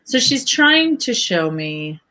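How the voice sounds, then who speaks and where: A woman giving a psychic reading on a live stream, speaking slowly and carefully with clear emotion. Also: fairly high pitch, very animated, bright, forceful tone, rough recording. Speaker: psychic reader.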